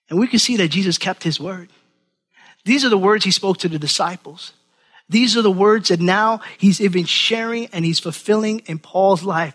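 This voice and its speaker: Animated high-voiced man preaching. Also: normal speed, slightly rough. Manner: animated, acts out quoted voices, repeats words. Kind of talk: sermon.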